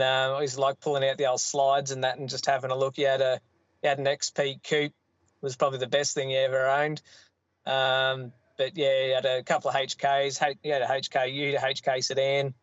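A man's voice: mid-range voice, a bit bright, dry recording, dull audio. A middle-aged man with an Australian accent, telling family stories in a casual, rambling way. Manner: rambling, self-interrupting, laughs at his own stories. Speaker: guest. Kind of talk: casual storytelling.

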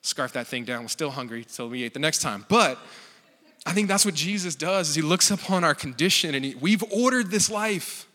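A man's voice: fairly high pitch, lively intonation, moderate pace, pushed and bright. A male pastor giving a casual, joking sermon in a church, telling stories in a conversational way. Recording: long reverb of a church hall.

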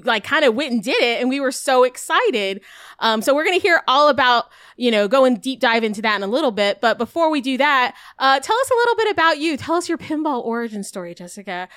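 A woman's voice: fairly high pitch, a bit bright, smooth, no room sound, clean studio sound. A young adult woman co-hosting a podcast in casual chat, bubbly and full of laughs. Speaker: podcast co-host.

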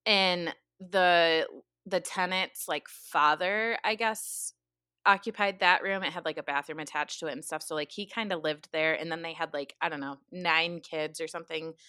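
A woman therapist telling a story in casual chat, animated and full of "like", with some swearing. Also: low voice, moderate pace, smooth, no room sound, clean studio sound. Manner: animated, heavy use of "like", swears.

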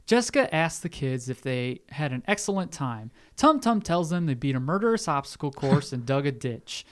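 A man with a voice sitting a little high for a man hosts a casual podcast. He works through a movie plot in a steady recap and breaks it up with joking asides. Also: moderate pace, smooth. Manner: jokey, reads plot summary aloud with asides. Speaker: podcast host.

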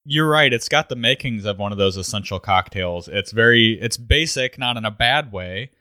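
A man co-hosting a podcast, chatting casually, relaxed and chuckling as he thinks aloud. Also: fairly low pitch, moderate pace, no room sound, clean studio sound. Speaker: podcast co-host. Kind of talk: casual chat about cocktails.

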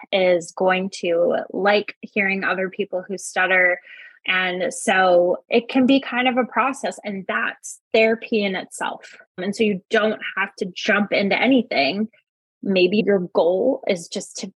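A woman speaking as a guest on a podcast, chatting casually as a speech-language pathologist and acting out little quotes with sudden jumps in pitch. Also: breathy edge, dry recording, poor audio.

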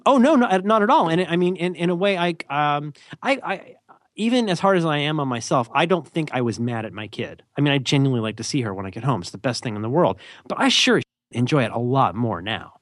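A man chats on his podcast in a lively, wandering way. His pitch swings up and down as he restarts sentences and pokes fun at himself. The sound is dry and close, with no room echo. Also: a little fast. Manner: animated, self-deprecating, rambling with restarts. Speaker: podcast co-host. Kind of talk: casual conversational advice chat.

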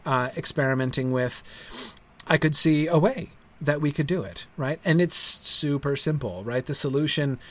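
A middle-aged man talking casually to viewers as a school founder, halting with many fillers and restarts and a frequent tag question at the end of his points. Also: a little high, a bit bright. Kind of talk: casual livestream talk.

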